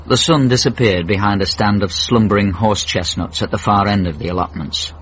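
A man narrating a radio comedy story in a dry, measured way. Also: lowish voice, fairly bright tone, slightly rough. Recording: dull old radio broadcast.

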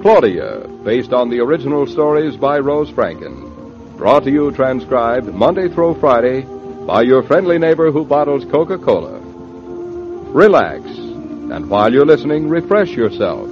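A man announcing a sponsored radio drama in a polished, smooth way. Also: medium pitch, sing-song, unhurried. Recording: muffled old radio with music.

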